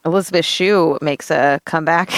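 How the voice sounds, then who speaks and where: A woman co-hosting a podcast, chatting casually and frankly, with lively swearing. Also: deep voice, a little slow, dry recording, clean studio sound. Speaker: podcast co-host. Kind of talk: casual chat.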